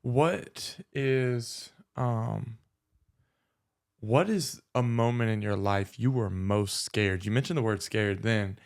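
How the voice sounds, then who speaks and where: A man's voice: fairly low pitch, slow pace. A male podcast host with an easygoing manner, asking questions in a casual interview.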